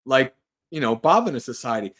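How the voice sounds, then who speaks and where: A man's voice: mid-range voice, sing-song, a little fast, fairly bright tone. A man who is a Buddhist monk, hosting a livestream and giving a casual Dharma talk, earnest and rambling, restarting his sentences and laughing lightly.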